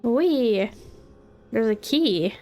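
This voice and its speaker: A woman's voice: fairly high pitch, lively intonation, very slow, a little mellow, faint music behind. A woman chatting casually and joking to herself as she plays a video game. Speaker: gameplay commentator. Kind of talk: casual gameplay commentary.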